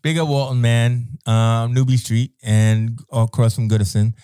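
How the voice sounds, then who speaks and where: A man's voice: mid-range voice, fairly even intonation, unhurried, dark tone, clean tone, no room sound. Middle-aged new york guy, easygoing and chuckly, dead dry close sound. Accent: New York American. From United States. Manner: laughs often, laid-back storytelling. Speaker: podcast guest. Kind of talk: casual chat.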